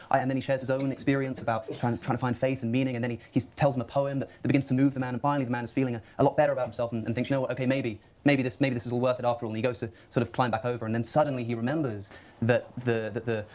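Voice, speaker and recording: Panel guest, male, rapid-fire talker who slips into voices for his anecdotes. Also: medium pitch, slight background noise. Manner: acts out anecdotes in lively voices. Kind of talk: panel discussion.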